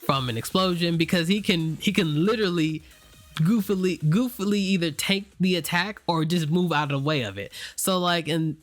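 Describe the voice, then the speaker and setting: A man's voice: on the high side, normal speed, dry recording, soft background music. A man giving a loose, unscripted spoken review, full of fillers, restarts and casual swearing. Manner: swears freely, slangy. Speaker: anime reviewer.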